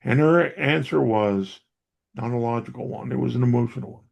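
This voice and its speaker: A middle-aged man with a gravelly, slightly husky voice, speaking as an interview guest. He tells his family memories in an earnest, reflective way, at a moderate pitch. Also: brisk, darkish tone. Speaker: interview guest, helps dementia caregivers. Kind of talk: conversational personal storytelling.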